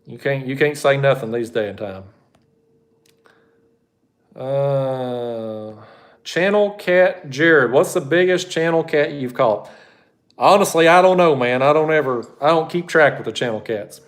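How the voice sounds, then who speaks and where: A man works through viewer questions on a live stream. He talks bluntly and folksily, wandering off on asides. His voice sits at an ordinary middle pitch. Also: unhurried. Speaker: fishing channel host.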